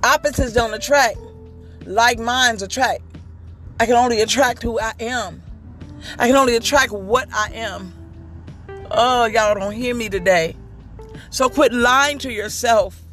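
A woman's voice: a little high, unhurried, pauses often, fairly bright tone, faint music behind. Emphatic woman giving a preachy pep talk. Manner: emphatic and preachy, repeating phrases for rhythm; candid and confessional. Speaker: motivational speaker. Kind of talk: inspirational monologue.

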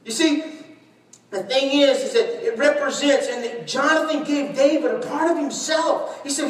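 A man preaching a sermon, telling stories animatedly, shouting and laughing as he acts out conversations. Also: very high voice, moderate pace. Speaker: pastor. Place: large church hall. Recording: echoey church hall, distant mic.

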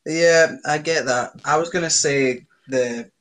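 A man's voice: fairly high pitch, a little slow, a bit bright, poor audio. A young man with a Scottish accent, co-hosting a podcast over the phone. He chats casually, rambles and laughs often. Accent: Scottish, west of Scotland. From Scotland. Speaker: podcast co-host. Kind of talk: casual chat.

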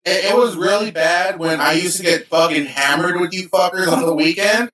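Loud, swearing man in a roomy space. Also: sits high, moderate pace, recorded from a distance. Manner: profane, loud, teasing. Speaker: podcast co-host. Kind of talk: casual crude podcast banter. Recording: roomy echo.

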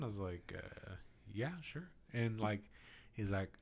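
A young man co-hosting a podcast, telling a story in casual chat, his voice trailing off softly at the ends of phrases. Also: lowish voice, expressive, brisk. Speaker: podcast co-host.

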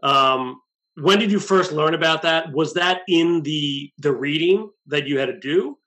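Male interviewer, casual, bright and forceful tone. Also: a little high, measured pace. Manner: casual, checks with "right?". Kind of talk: interview questions.

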